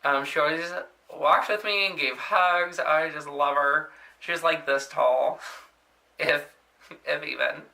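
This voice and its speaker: In this laid-back storytelling vlog, a young nursing assistant recounts work tales with a fairly high, steady, somewhat creaky voice at an unhurried pace. His delivery is chatty and meandering, thick with "um" and "like," and he imitates patients by booming out over-the-top voices.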